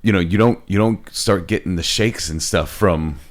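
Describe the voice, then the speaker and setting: Man, very low voice, earnest storyteller making his case. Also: moderate pace. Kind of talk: casual podcast chat.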